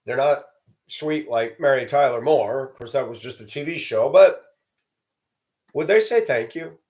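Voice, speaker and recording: In an unhurried, darkish mid-range voice with lively intonation, a Southern channel host rants away. The monologue is sarcastic and judgmental, with emphatic repetition throughout.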